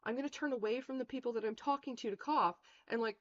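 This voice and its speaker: A woman's voice: fairly high pitch, fast. A woman streamer telling a long story in a casual, rambling way, full of swearing and fillers. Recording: dull lo-fi stream mic.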